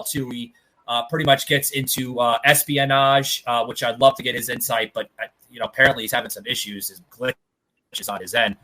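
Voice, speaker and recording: A man's voice: medium pitch, sharp tone, low-quality recording. A man hosting a casual podcast, rambling with lots of fillers and casual swearing. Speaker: podcast host.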